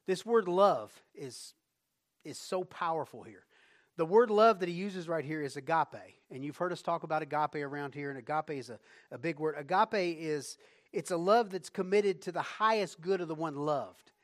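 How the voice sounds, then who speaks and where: A male pastor preaching a conversational sermon, moving between quiet reflection and rising bursts of emphasis. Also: on the high side, normal speed.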